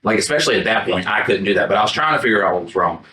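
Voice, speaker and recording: A man co-hosting a podcast tells a rambling story in casual chat and acts out his own lines along the way. His voice is bright and forceful. He is recorded from across an echoey room, not up close on a mic. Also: fairly low pitch, rapid-fire. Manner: animated, profane, acts out his own quotes. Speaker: podcast co-host. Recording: roomy sound from a distant mic, not the podcast mics.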